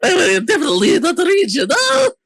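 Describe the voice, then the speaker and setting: A woman doing a squeaky, jumpy beholder with a fake Slavic accent. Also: huge pitch swings, fast talker, fairly bright tone, dry recording, full character voice. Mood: panicky. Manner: mock-Slavic accent, dropped articles.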